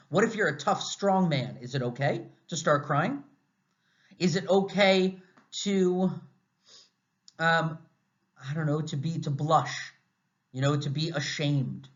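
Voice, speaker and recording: An American man lecturing a class in a conversational, animated way, asking lots of rhetorical questions. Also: fairly high pitch, measured pace. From United States. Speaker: university lecturer. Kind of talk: recorded lecture. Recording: slightly dull, muffled audio.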